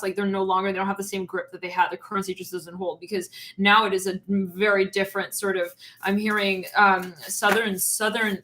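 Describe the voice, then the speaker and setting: A woman's voice: mid-range voice, sharp tone. A woman giving a casual channeled tarot reading, rambling with lots of fillers and frequent giggles. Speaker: tarot reader.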